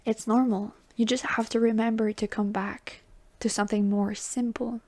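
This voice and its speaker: A woman giving a tarot reading, talking softly and reassuringly, often dropping into a whisper and calling the listener baby or honey. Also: fairly high pitch, flat delivery, moderate pace. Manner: chatty and affectionate, calls the listener baby and honey. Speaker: tarot reader. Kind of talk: intuitive tarot reading to viewers.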